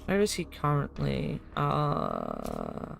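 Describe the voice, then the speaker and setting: A woman's voice: on the high side, lively intonation, measured pace, fairly bright tone, faint music behind. A young adult woman streaming a game, chatting casually with viewers and laughing often. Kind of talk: casual gaming commentary.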